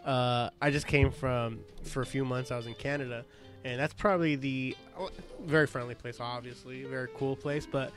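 A man's voice: mid-range voice, fairly even intonation, normal speed, faint music behind. A man hosting a casual podcast chat, joking crudely and laughing often. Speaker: podcast host.

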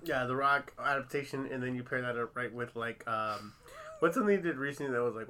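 Bright-voiced man in animated casual chat. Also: mid-range voice, brisk, slight background noise. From Long Beach, California. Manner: animated storyteller, many fillers.

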